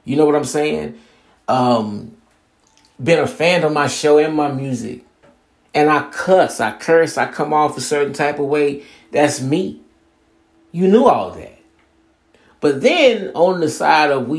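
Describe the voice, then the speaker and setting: Male podcast host with a gravelly voice, talking casually in a streetwise, profane way, plain-spoken monologue. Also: on the high side, expressive, a little slow, pauses often. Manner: profane, streetwise, mocks others with blah blah.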